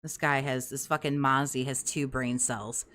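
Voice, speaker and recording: A woman's voice: rumbling low, fairly even intonation, moderate pace, a bit bright. A woman co-hosting a podcast, talking in crude casual commentary with constant fillers and frequent laughter. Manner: profane, giggly, lots of "like" fillers. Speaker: podcast co-host.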